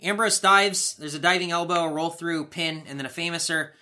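A man's voice: on the high side, fairly quick. A man co-hosting a podcast, casually recapping wrestling shows with swearing and playful acted-out quotes. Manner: animated, swearing, acts out quoted lines. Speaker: podcast co-host.

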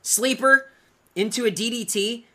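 A man co-hosting a podcast, recapping wrestling matches in casual chat and acting out the wrestlers' lines in loud bursts. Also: very high-pitched, a little slow. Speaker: podcast co-host.

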